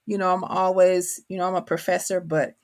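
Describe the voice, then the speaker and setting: With a fairly low, darkish voice and flat, brisk delivery, this middle-aged Kentucky woman talks as an author guest in a reflective interview. Her country accent comes through as she thinks carefully and searches for words.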